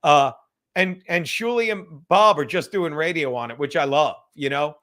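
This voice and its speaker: Speaking at normal speed in a pushed, bright voice that sits high for a man, a fifties-aged host chats casually on a livestream from home. Between drinks he rambles, swears freely, laughs between thoughts, and now and then whispers.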